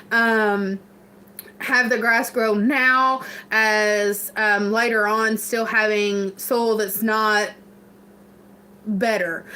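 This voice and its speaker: A woman with a Kentucky accent talks slowly and unhurriedly to her livestream viewers, her voice sitting a little high and sounding bright. She rambles, laughs a lot and fills her pauses with ums. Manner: laughs often, rambling with many fillers. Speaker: farm livestream host. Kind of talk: casual live chat answering viewers.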